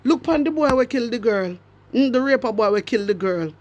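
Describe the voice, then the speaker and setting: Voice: medium pitch, animated, brisk. A social media commentator with a Jamaican accent, delivering an impassioned political rant to followers and hammering home repeated rhetorical questions. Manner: emphatic, repeats rhetorical questions, swings between loud and hushed.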